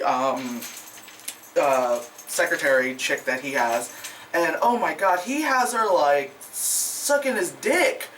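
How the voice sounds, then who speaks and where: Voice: medium pitch, fairly bright tone. A film reviewer giving a casual, rambling movie review vlog, swearing freely, laughing often and full of fillers. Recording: distant mic with faint background noise.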